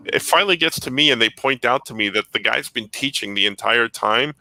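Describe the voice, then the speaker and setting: A man casually telling school stories on a live stream, animated and acting out the people he quotes. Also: medium pitch, moderate pace, creaky, no room sound, low-quality recording. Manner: animated storyteller who acts out quoted voices. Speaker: comic shop podcast co-host. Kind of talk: casual storytelling chat.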